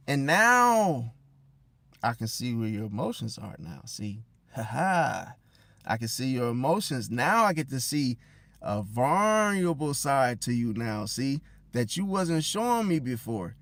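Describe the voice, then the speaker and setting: A man giving casual relationship advice straight to the listener, slangy, calling them bro and swinging between loud and hushed. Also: medium pitch, sing-song, unhurried, dry recording. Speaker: zodiac relationship commentator. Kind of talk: casual direct-to-camera advice rant.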